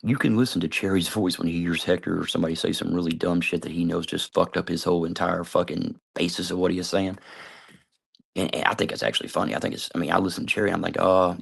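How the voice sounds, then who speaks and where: A man with a deep, heavily gravelly voice rants straight to camera, swearing at nearly every turn. His tone is husky and rough. He rambles, calls people out and trails off mid-thought. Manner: trails off, hedges with "I don't know". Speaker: video commentator. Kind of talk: rambling profane rant to camera.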